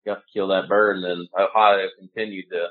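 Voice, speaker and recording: Animated man telling a hunting story. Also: deep voice, a little fast, narrow, tinny audio. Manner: animated, swears casually, many fillers. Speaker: guest hunter. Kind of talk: casual storytelling.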